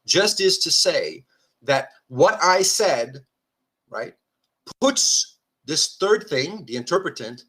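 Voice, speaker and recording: A man's voice: fairly high pitch, pushed and bright, breathy edge. A man lecturing on philosophy at a diagram. He thinks aloud, often checks that listeners follow, and corrects himself as he goes. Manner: self-correcting restarts, informal asides.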